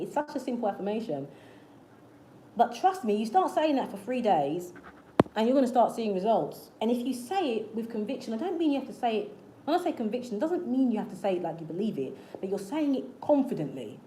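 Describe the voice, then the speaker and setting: Speaking to camera on her own manifestation channel, this woman gives a casual, earnest motivational talk, repeating herself as she encourages viewers. Her sing-song voice sits fairly high, with a dark tone and a slightly quick pace. There's a little hiss or hum, plus faint ambience from an echoey room.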